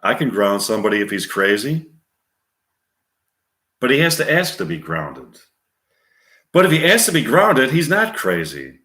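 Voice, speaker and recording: A man voicing a calm army doctor who explains in a measured, dry way. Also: mid-range voice. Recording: roomy echo.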